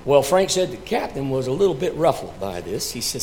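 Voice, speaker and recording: A man, a pastor, telling a story dramatically before leading communion, swinging between loud and hushed delivery. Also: mid-range voice, sing-song, fairly quick, hardly any pauses.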